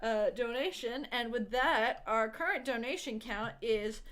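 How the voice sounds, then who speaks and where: A slightly high-voiced woman co-hosting a charity stream. She sounds tired and laid-back as she reads out the donation totals. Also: unhurried, fairly bright tone. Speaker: co-host reading donation totals.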